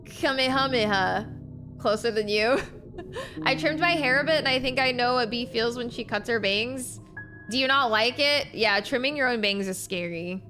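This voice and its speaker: A young woman streaming a game and chatting casually, often cooing softly to her cat. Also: fairly high pitch, normal speed. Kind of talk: casual chat while gaming. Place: home streaming setup. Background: game music.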